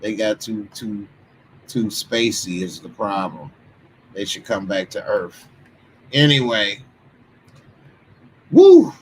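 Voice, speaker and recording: A man's voice: lowish voice, slow, a little hiss or hum. Slangy, chatty Texan man. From Texas. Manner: loose, slangy, chatty asides with sudden loud bursts. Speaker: commentary channel host. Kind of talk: casual commentary reading viewer comments.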